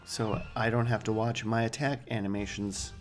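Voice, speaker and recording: A man's voice: lowish voice, little pitch movement, moderate pace, faint music behind. A man hosting a let's play, giving casual gameplay commentary with joking, rambling asides.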